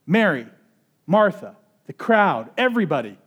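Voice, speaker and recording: Animated high-voiced male preacher. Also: moderate pace. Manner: animated, swinging between loud emphasis and hushed intensity; conversational, uses "like" often. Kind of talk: expository sermon.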